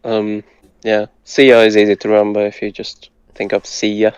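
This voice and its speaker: A man who speaks Hungarian natively, patiently tutoring and breaking words down slowly, with some hesitant fillers. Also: fairly low pitch, monotone, smooth, no echo, dull audio. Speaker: language tutor. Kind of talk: casual language lesson.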